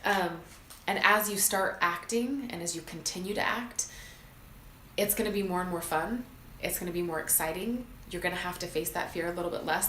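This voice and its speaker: A woman's voice: lowish voice, a bit bright, roomy sound, a little hiss or hum, low-quality recording. A woman hosting her own show, giving an earnest, heartfelt motivational talk with frequent fillers. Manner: earnest, emotional, many fillers. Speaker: podcast host.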